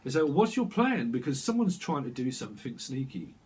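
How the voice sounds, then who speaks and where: A man's voice: mid-range voice, big pitch swings, fairly quick, slightly rough, poor audio. A man giving a casual, rambling tarot reading, chatty and prone to breaking into snatches of song. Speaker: tarot reader.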